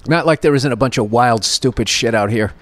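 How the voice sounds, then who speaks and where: A man's voice: mid-range voice, a little fast, no room sound. A man in his fifties hosting a podcast, telling a rambling, profane comedic story with lots of restarts. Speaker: podcast host.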